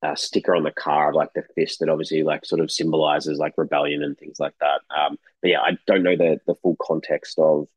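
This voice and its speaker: A man co-hosting a casual film podcast, relaxed and chuckling as he talks it through. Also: extremely low pitch, brisk, few pauses, husky, no room sound, rough recording. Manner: relaxed, laughs often, many fillers. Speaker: podcast co-host.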